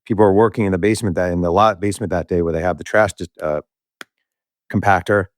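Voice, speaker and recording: A man's voice: deep voice, quick pace, no room sound, studio quality. A man, an author, telling a story in a casual interview and acting out the voices of the people in it. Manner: animated storyteller who acts out quoted voices. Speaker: author and podcast guest.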